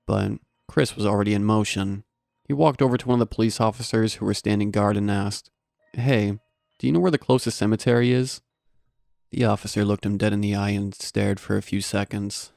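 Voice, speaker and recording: A man calmly narrating a scary story in a steady, low-key storytelling manner, close to the mic. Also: normal speed, vocal fry, dry recording. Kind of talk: scripted horror story narration.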